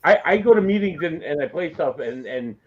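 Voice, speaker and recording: A man's voice: a little high, animated, brisk, breathy edge. Man, co-host, chatty, wanders off topic, muffled lo-fi sound. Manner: chatty, digressive. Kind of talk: casual chat reviewing clips.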